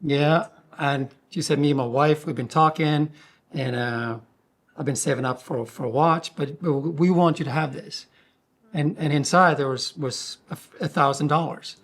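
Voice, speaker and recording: Heartfelt man, higher voice, hosting. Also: steady tone, normal speed, fairly bright tone. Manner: heartfelt, grateful. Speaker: podcast host. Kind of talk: personal storytelling.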